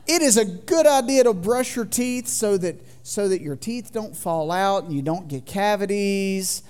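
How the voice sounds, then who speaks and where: A man in his thirties preaching a sermon in a church, folksy and joking with the congregation, swinging from loud to quiet. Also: sits high, animated, a little slow, clean tone. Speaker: pastor. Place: church sanctuary.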